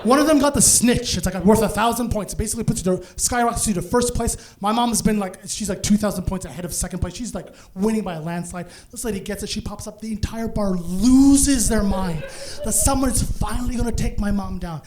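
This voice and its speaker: High-voiced animated male stand-up comic. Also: brisk. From Canada. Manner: animated, laughing through punchlines. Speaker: stand-up comedian. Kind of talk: stand-up storytelling. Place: comedy club stage.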